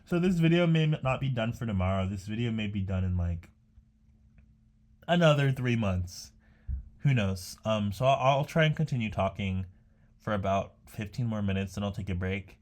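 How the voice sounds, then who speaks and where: A man's voice: on the low side, normal speed. A young man rambling casually to himself while painting, chatty and meandering with many fillers and restarts. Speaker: art vlogger.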